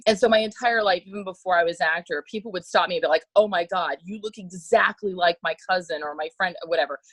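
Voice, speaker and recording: A woman guest telling a story in a casual interview, animated and laughing often, acting out the voices of others, with many filler words. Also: lowish voice, quick pace, slightly rough, no echo, rough recording. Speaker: podcast guest.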